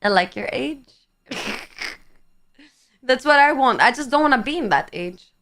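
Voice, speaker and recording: A woman in her twenties chats on a livestream, teasing her viewers and answering their comments. Her voice sits a little high and sounds bright and crisp. She takes her time with each phrase. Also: lively intonation, slow pace. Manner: playful, teasing, swears casually. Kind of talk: casual chat reading viewer comments.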